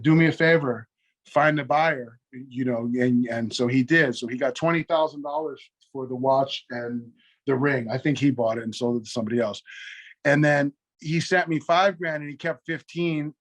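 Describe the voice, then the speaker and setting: A middle-aged man telling a long, profane story in casual conversation, acting out both sides of phone calls. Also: mid-range voice. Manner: profane, rapid anecdotes with quoted back-and-forth. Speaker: guest.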